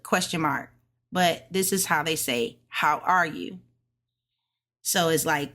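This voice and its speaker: A woman casually explaining her study notes, sounding out words slowly and correcting herself. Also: lowish voice, pushed and bright. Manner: thinks aloud, self-correcting, sounds out tones slowly. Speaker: language learner sharing study notes. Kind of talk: casual study vlog lesson.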